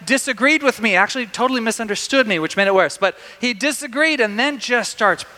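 A man preaching a sermon, telling a story in a lively way with many restarts. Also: extremely high pitch, brisk, big-room sound.

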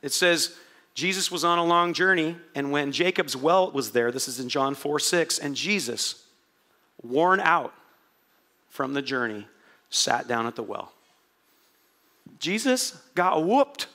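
Animated, bright-voiced male preacher. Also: fairly high pitch, unhurried, long pauses. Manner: animated, swings from quiet asides to shouted prayers. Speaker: pastor. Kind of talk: sermon.

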